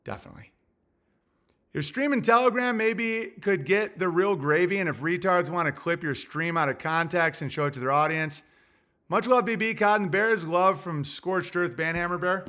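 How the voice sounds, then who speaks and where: Young guy ranting on his stream, kinda high, crisp bright voice, crude and all over the place. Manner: rambling, crude, thinking out loud. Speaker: livestream host reading super chats. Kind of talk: casual livestream rant.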